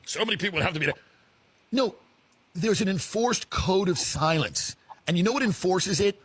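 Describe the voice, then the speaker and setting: A man ranting loudly in a comedic style, swearing and acting out mock voices. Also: sits high, lively intonation, normal speed, husky. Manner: loud swearing rant, acts out rich people in mock voices. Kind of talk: comedic rant.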